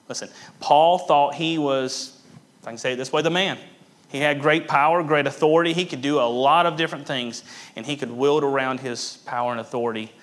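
Guy preaching a sermon, gets loud then drops real quiet, repeats stuff for emphasis. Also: medium pitch. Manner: dynamic preaching, swinging from loud to hushed; emphatic repetition. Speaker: pastor.

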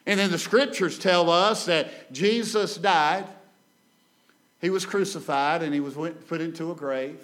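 High-pitched preacher, swinging loud to soft. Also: male voice, measured pace. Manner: dramatic rises and drops in volume, repeats phrases, calls for amen. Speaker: guest preacher. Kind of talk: sermon. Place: church sanctuary.

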